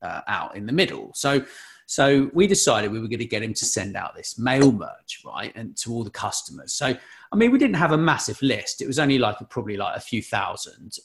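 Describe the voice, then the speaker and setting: A man's voice: fairly low pitch, gravelly. A man hosting a casual business chat, telling an anecdote with lots of restarts and repeated words. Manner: animated storyteller, many restarts and repeats.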